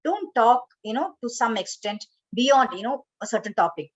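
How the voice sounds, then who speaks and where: Woman, corporate trainer, instructive, video-call audio, slightly high pitch. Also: lively intonation, moderate pace, lo-fi sound. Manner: instructive, repeats okay and you know. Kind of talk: online training session.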